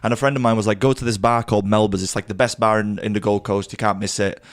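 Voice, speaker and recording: A man's voice: on the low side, fairly even intonation, fast. Rambling young man telling a story. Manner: rambling, swears freely, stammers on restarts. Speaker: podcast co-host. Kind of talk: casual banter, storytelling.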